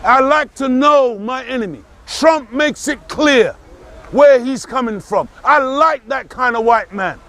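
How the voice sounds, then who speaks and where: A man giving an impassioned political talk, forceful and emphatic, repeating key phrases and rising to shouts. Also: very high-pitched, measured pace. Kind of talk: impassioned speech.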